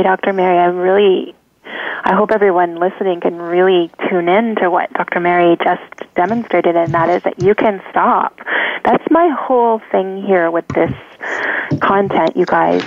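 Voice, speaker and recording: Woman, host, low gravelly voice, casual advice talk, dry tinny phone-like sound. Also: normal speed, no echo. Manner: talks things through with many restarts and fillers. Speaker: podcast host.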